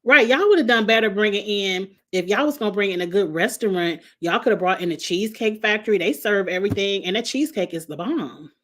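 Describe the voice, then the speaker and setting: A woman's voice: mid-range voice, a little fast, few pauses, a bit bright. Sassy woman reviewing reality TV. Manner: sassy, blunt, laughs often, curses. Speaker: host of a reality TV review show. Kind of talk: casual chat reading viewer comments.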